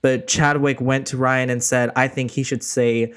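Male co-host, mid pitch, clear tone, earnest and methodical. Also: flat delivery, moderate pace, a bit bright. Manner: earnest storyteller, lays out points in order. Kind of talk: casual chat.

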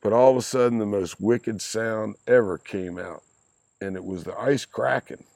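Fairly low and gravelly with a slight mellowness, the voice belongs to a man in his sixties guesting on his son's podcast, speaking at a moderate pace with no echo. His talk is casual and full of meandering stories, frequent laughter and crude language.

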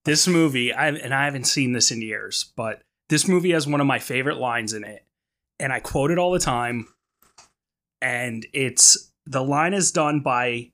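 A man chatting on a podcast, telling a favorite movie moment in an animated, laughing way. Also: medium pitch, normal speed. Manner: animated storyteller, laughs easily. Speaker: podcast co-host. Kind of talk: casual movie chat.

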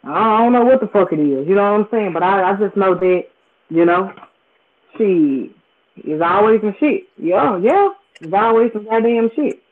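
The speaker hosts a podcast and comes from Memphis, Tennessee, drawling in a mid-range voice at a moderate pace. His casual, story-driven rant is heavy on swearing and emphasis, and he keeps repeating himself, all on audio that sounds thin as a phone line.

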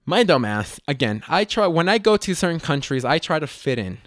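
A man casually telling a funny story, animated and self-mocking, swearing freely and often restarting his sentences. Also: on the high side, a little fast, no echo, studio quality.

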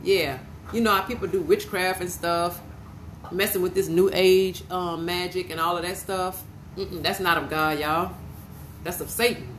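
A woman's voice: lowish voice, steady tone, normal speed, a bit bright, slight background noise, rough recording. Fervent woman preaching a podcast sermon. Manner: fervent, repetitive praise, emotional.

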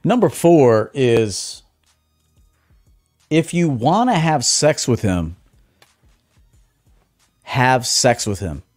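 A man hosting a livestream as a dating coach, talking bluntly, swinging from low muttered asides to loud emphatic bursts. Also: big pitch swings, very slow, pauses often, dry recording, clean studio sound, faint music behind. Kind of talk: casual livestream monologue.

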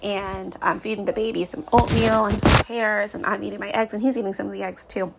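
A woman in her thirties talks straight to her listeners in a loose, unscripted podcast monologue. Her voice has a gravelly, fry-laden edge at an ordinary middle pitch. She vents openly and often laughs at her own frustrations. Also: steady tone, a little fast, very noisy. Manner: candid and venting, with frequent laughs. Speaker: podcast host.

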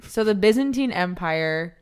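A woman's voice: lowish voice, expressive, normal speed, darkish tone, clear, resonant tone. A woman on a casual podcast, laughing as she spins a rambling, made-up history story. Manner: giggly, rambling, playful. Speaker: podcast co-host.

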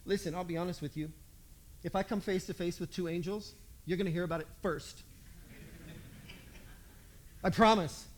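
Animated, joking storyteller preacher. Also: medium pitch, moderate pace, pauses often, a little hiss or hum. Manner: animated, humorous, conversational, with sudden shifts in loudness. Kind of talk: storytelling sermon.

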